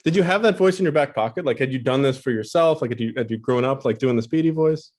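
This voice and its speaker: A man's voice: medium pitch, quick pace, darkish tone. Chatty male interviewer. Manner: enthusiastic, chatty questioner. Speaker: interviewer host. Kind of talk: casual interview chat.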